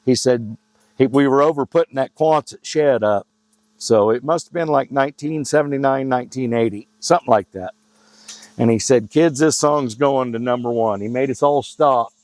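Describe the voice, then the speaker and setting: A man's voice: medium pitch, a little mellow, no echo, low-quality recording. A middle-aged man talking casually outdoors in the woods, folksy and joking, rambling between stories about his hunting club. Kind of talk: casual outdoor vlog talk.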